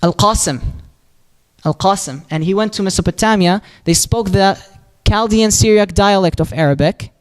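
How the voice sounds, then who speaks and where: A man's voice: high-pitched, clean tone. A man teaching a religious lesson, explaining step by step and answering his own questions. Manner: recites Arabic supplication quickly and softly. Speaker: Islamic teacher.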